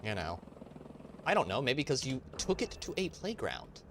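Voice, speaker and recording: A man's voice: medium pitch, normal speed. Guy streaming a tank game, ranty and sweary, voice bouncing all over, noisy background. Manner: profane, ranting, animated. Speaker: gaming streamer. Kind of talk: casual gameplay commentary.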